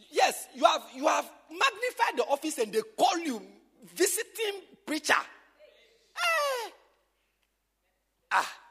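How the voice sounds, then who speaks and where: A man, a pastor teaching a church group informally, swinging from loud exclamations to quiet asides. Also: extremely high pitch, breathy edge, long reverb tail.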